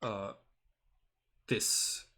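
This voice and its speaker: A man as game master, improvising narration and in-character answers in a hesitant, halting way full of fillers. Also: pushed and bright. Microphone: online voice call.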